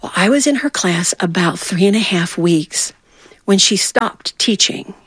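Animated woman telling a personal story. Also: mid-range voice, measured pace, husky, dry recording. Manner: animated, acting out voices in her story.

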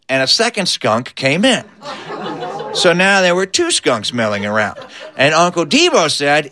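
A man telling a comic story, animated and building to his punchlines. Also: fairly high pitch, moderate pace.

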